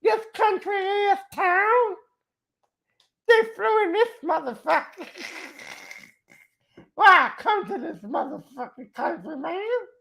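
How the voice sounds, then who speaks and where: A man mimicking a frantic man who swears at bugs flying at him, in a shrill, panicked voice. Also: expressive, takes it slowly, vocal fry, pauses often, bright, forceful tone, full character voice.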